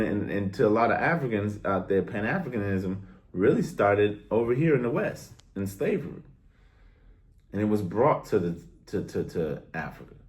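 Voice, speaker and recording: A young man with a somewhat low voice vents to his viewers in a loose, casual rant. He is blunt and exasperated and leans on street slang and direct address. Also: darkish tone. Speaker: vlogger.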